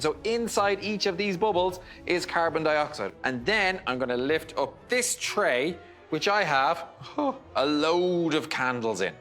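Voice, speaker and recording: Enthusiastic science presenter. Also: male voice, a little high, expressive, unhurried, fairly bright tone, faint music behind. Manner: enthusiastic, explanatory. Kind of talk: science demonstration for kids.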